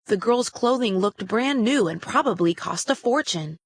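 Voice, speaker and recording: A woman reading a children's story aloud in a steady, expressive way. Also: fairly high pitch, moderate pace. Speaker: storybook reader.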